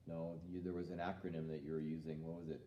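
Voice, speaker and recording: A man teaching a children's jiu-jitsu lesson in a calm, patient way, asking the student questions. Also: very deep voice, fast, roomy sound, highs cut off, slight background noise. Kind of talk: live-streamed kids' lesson. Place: martial arts school.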